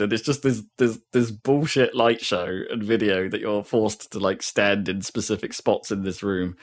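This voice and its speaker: A man's voice: fairly low pitch, fairly even intonation, normal speed, few pauses. A man co-hosting a podcast, telling a rambling, laughing story in casual chat. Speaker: podcast co-host.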